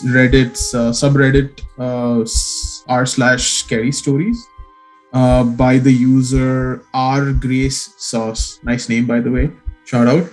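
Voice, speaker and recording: Man reading a creepy story slowly. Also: medium pitch, poor audio. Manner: reads a story aloud in a slow, hushed creepy voice. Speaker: podcast co-host. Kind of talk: casual podcast chat and story reading.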